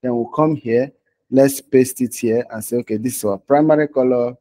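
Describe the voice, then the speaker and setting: Mellow-voiced man teaching design. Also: mid-range voice, normal speed. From Nigeria. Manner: casual, talks while clicking through screens, frequent "okay?" and "right?" check-ins. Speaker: design instructor. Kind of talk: live online design tutorial.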